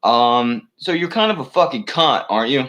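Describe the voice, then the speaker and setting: A man's voice: mid-range voice, expressive, normal speed, fairly bright tone, rough recording. A man delivering a rambling solo rant to camera, full of profanity, fillers and false starts. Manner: profane, meandering, many fillers and restarts. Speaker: channel host.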